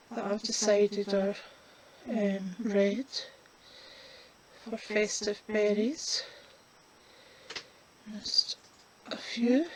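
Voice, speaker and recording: A woman's voice: mid-range voice, poor audio. A woman, chatting casually while demonstrating a colouring craft. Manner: chatty, unhurried, talks while working.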